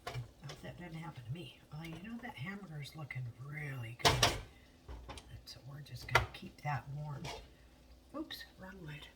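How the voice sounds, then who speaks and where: A woman's voice: low voice, animated, moderate pace. A woman chatting casually while she cooks in her home kitchen, blunt and swearing now and then as she talks to herself. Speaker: home cooking vlogger. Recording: distant mic with audible noise.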